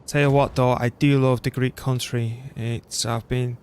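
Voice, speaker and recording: A middle-aged man from Britain streams a strategy game, offering casual commentary that rambles and chats along with a self-deprecating streak. His medium-pitched, darkish voice shows little pitch movement and keeps a measured pace.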